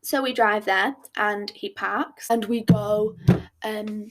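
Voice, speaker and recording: A young woman hosting a podcast, telling a date storytime in a blunt, animated way with swearing and acted-out dialogue. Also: medium pitch, takes it slowly. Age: young adult. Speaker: podcast host.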